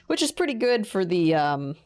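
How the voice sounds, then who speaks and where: A woman streamer giving relaxed, giggly commentary while she reacts to clips. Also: lowish voice, moderate pace, smooth. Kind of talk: casual reaction chat.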